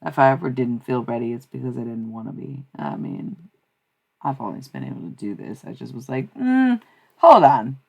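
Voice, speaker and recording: Woman livestreamer, husky and low, casual and blunt, swears easily. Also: expressive, brisk, darkish tone, muffled recording. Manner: blunt and profane, musing aloud. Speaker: streamer giving psychic messages.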